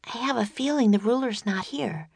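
A woman reading an audiobook, voicing a curious, excitable young girl with a bright, eager way of speaking. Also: fairly high pitch, normal speed, creaky, breathy edge, dry recording, voice pushed up. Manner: bright, eager, rising questions.

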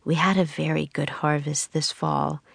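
A gentle, kindly Pilgrim woman from a children's storybook, speaking softly with an archaic "thou", as a woman reader plays her. The voice has a gravelly edge and sits close and dry. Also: low-pitched, fairly even intonation, moderate pace, no room sound, full character voice. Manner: soft, archaic speech with thou. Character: gentle old-fashioned Pilgrim woman, kind.

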